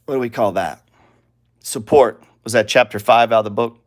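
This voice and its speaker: A man's voice: medium pitch, moderate pace. A man teaching a live trading lesson over charts, blunt and profane, firing off rhetorical questions.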